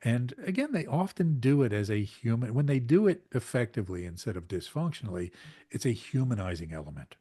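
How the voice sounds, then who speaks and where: A man's voice: mid-range voice, sing-song, fairly quick, dark tone, slightly rough, no room sound. A man co-hosting a podcast, chatting casually in a rambling way with many fillers and restarts. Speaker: podcast co-host.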